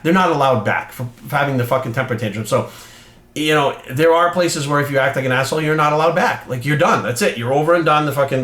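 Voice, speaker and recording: A man's voice: mid-range voice, a bit bright. A middle-aged man hosting his own channel, ranting bluntly and heatedly to camera with constant swearing and repeated emphasis. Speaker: fitness trainer and channel host. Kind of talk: profane opinion rant to camera. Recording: roomy echo.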